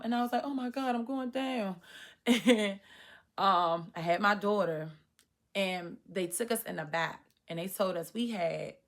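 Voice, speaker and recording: A woman in her thirties telling a personal story to the camera, animated and acting out her own past reactions. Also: lowish voice, creaky. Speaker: vlogger. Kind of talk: storytime monologue.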